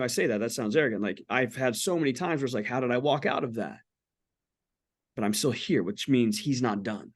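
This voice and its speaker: A man in his forties speaks candidly about faith as a podcast guest. His voice sits at an ordinary middle pitch. He is earnest and blunt and swears casually. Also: a little fast. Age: 40s.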